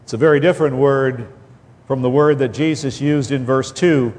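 A man preaching an expository sermon, slow and deliberate, stressing key words and sometimes repeating himself as he drives a point home. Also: medium pitch, fairly even intonation, darkish tone. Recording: long hall reverb.

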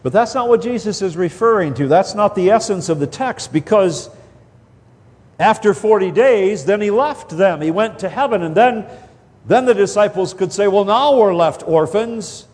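A man preaching an expository sermon, slow and deliberate, stressing key words and sometimes repeating himself as he drives a point home. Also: high-pitched, lively intonation, darkish tone. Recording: long hall reverb.

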